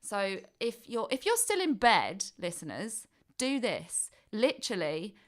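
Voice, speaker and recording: A woman's voice: medium pitch, sing-song, measured pace. A woman presenting a wellbeing slot on the radio, chatty and encouraging, laughing often as she gives tips to listeners. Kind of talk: casual radio chat.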